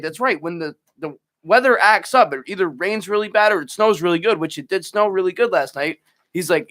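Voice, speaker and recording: Radio co-host, man, high voice, rapid-fire profane storyteller. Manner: animated, profane, acts out quoted voices. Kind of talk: casual storytelling. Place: radio studio.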